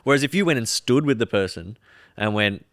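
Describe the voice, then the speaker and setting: A young Australian man co-hosting a podcast, talking casually in an animated, opinionated way. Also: fairly low pitch, fairly quick, no echo, studio quality. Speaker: podcast co-host. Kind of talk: casual chat.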